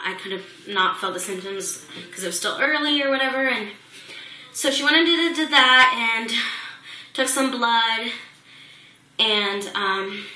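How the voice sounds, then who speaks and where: Her voice medium-pitched, bright, and forceful, a young woman vlogger gives a personal pregnancy update about a hospital visit. The retelling is emotional and riddled with fillers and restarts, and the room sounds echoey.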